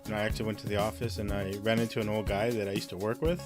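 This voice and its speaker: A man's voice: lowish voice, little pitch movement, rapid-fire, music in the background. A man co-hosting a film podcast, telling a rambling, profane story with frequent laughter. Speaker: podcast co-host. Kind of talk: casual chat, storytelling.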